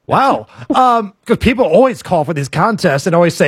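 Very high-voiced playful male radio host. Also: husky, dry recording, clean studio sound. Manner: energetic, playful, quick to joke. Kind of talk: morning radio banter.

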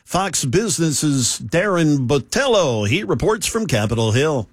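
A man's voice: a little high, very animated, measured pace, no echo, clean studio sound. A man reading the top news stories as a radio anchor. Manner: crisp scripted news reading. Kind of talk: radio newscast.

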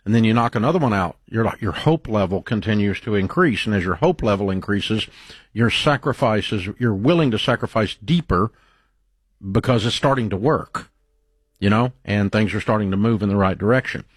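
Husky-voiced middle-aged male radio host. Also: fairly low pitch, animated, moderate pace, no echo. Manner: confident, plain-spoken, folksy. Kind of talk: call-in advice talk.

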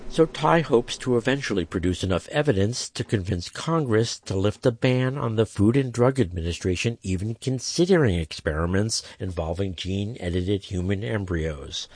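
A man reporting a scripted radio news story as a correspondent, in a measured, even delivery. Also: fairly low pitch, slightly rough, dry recording.

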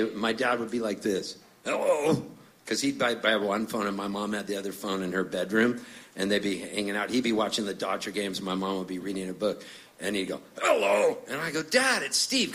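A middle-aged man from Canada telling jokey stories on stage between songs, acting out voices as he goes. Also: fairly low pitch. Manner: animated, jokey, acts out voices.

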